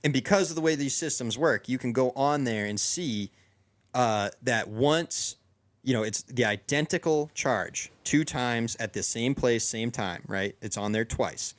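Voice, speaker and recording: A man's voice: mid-range voice, unhurried. A young man casually telling a long story among friends, rambling with lots of restarts and fillers. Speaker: podcast co-host.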